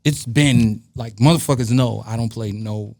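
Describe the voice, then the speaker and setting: A man's voice: mid-range voice, normal speed, vocal fry, no echo, studio quality. A man from Brooklyn, a guest DJ and producer, telling anecdotes on a casual podcast and acting out other people's lines with plenty of swearing. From Brooklyn, New York. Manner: animated anecdote-telling, acting out quoted dialogue, frequent profanity.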